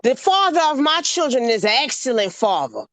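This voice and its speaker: A woman in her forties arguing on a livestream panel, forceful and indignant, firing off rhetorical questions. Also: a little high, sing-song, normal speed, dry recording. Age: 40s. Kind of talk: heated panel debate.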